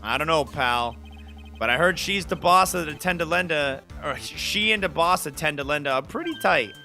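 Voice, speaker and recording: A man voicing a gruff, streetwise male police detective who talks bluntly in a folksy way, read from a video game. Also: a little high, lively intonation, normal speed, pushed and bright, faint music behind, exaggerated voice. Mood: gruff warning. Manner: blunt, folksy, calls people pal.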